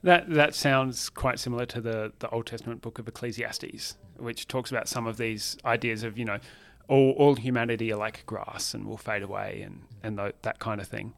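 A man hosting a casual discussion in a measured, thoughtful way, drawing on scripture. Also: lowish voice, fairly even intonation, gravelly. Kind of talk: casual conversation.

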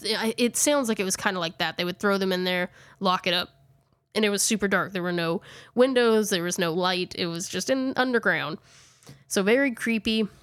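Casual podcast host, woman; smooth voice, chatty with fillers, slightly breathless. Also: mid-range voice, moderate pace, a bit bright, no echo, clean studio sound. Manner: chatty, lots of "like", self-correcting. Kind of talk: casual chat recapping a ghost-hunting video.

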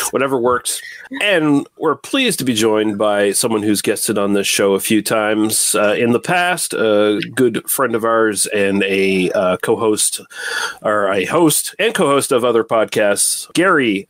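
A man hosting a casual film podcast, talking in a relaxed, rambling way with fillers and quick asides. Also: on the low side, no echo. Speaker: podcast host.

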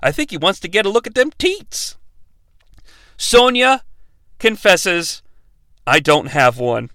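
A man's voice: high-pitched, sharp tone, no room sound. A young adult man hosting a sarcastic, profane comedic movie recap. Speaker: movie reviewer, host.

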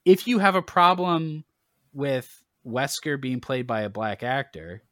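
A man's voice: medium pitch, a little slow, sharp tone, dry recording, clean studio sound. A man co-hosting a casual podcast chat, opinionated and blunt, swearing now and then as he makes his case. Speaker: podcast co-host.

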